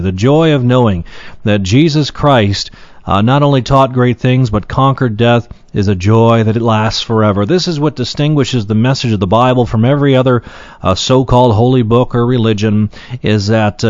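A man's voice: mid-range voice, darkish tone, no echo. A middle-aged man teaching verse by verse through a Bible passage, reading scripture aloud and then explaining it plainly with frequent fillers. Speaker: preacher. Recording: dry, muffled lo-fi recording.

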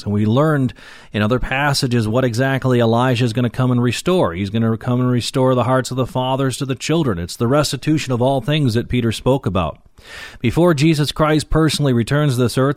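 A man's voice: medium pitch, no echo, clean studio sound. A man preaching a Bible lesson, reading scripture aloud and explaining it plainly with frequent fillers. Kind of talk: Bible teaching sermon.

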